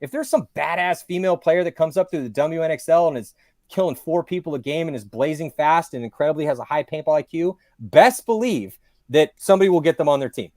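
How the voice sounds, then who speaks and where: This man's voice is on the high side and a little fast, on a dry recording with clean studio sound. A guest on a podcast, he talks casually and at great length, telling stories and pressing his points with animation, a long-winded, lively storyteller.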